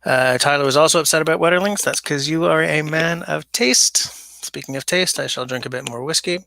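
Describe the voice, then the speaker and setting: A man's voice: fairly high pitch, a little fast, vocal fry, sharp tone, a little hiss or hum. A man hosting a casual livestream, rambling and chatting while he reads viewer comments aloud. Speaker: livestream host. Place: basement. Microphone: smaller mic than his usual setup.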